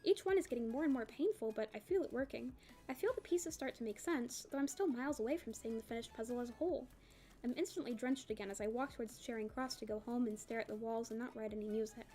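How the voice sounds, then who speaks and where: Fast, expressive woman reading a novel. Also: a little high. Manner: expressive first-person reading. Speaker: book club reader.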